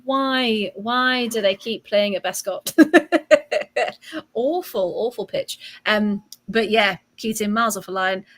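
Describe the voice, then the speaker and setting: A woman's voice: mid-range voice, steady tone, measured pace, few pauses, fairly bright tone. A woman hosting a casual football podcast, chatting and reading out messages from the chat with frequent ums. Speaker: podcast host. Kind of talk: casual chat and live match watch-along.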